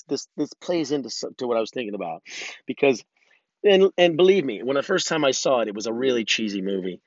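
A man's mid-range voice carries this casual solo podcast, recorded with lo-fi sound and no room sound. He rambles candidly in a self-reflective way, swearing frequently and often restarting what he's saying.

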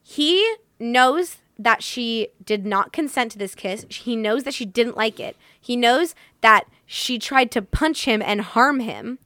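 A woman's voice: a little high, animated, slow pace, few pauses, pushed and bright, dry recording. A woman in casual conversation, talking bluntly and with indignation, and swearing casually. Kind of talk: casual book discussion chat.

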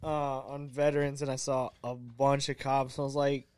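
A man's voice: medium pitch, level tone, moderate pace, darkish tone, clear, resonant tone, dry recording. A young man in casual podcast chat with friends, joking and laughing a lot.

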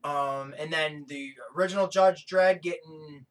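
A man chats on a podcast, swearing freely and rambling with excitement. His voice sits a little higher than most men's. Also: unhurried, poor audio. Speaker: podcast co-host. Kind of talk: casual chat.

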